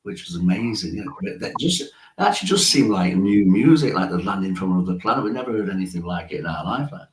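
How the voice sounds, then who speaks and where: Deep-voiced man in his sixties. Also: lively intonation, fast talker, slight background noise. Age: 60s. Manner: chatty storyteller, chuckles often. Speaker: musician guest. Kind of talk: casual interview chat. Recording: roomy echo.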